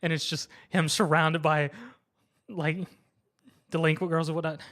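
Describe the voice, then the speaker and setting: Animated man retelling an anime episode. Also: on the high side, a little slow. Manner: animated retelling, acts out characters' lines, laughs often. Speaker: podcast co-host. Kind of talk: casual anime recap chat.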